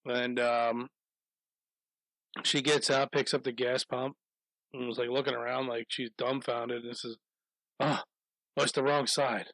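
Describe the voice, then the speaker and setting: A man's voice: medium pitch, flat delivery, unhurried, long pauses, fairly bright tone. A man spins a long, rambling story in loose conversation, swearing freely and chuckling at his own tale. His voice sits in an ordinary middle range. The sound is dry, with no room echo. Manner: profane, rambling, laughs through anecdotes. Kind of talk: casual storytelling chat.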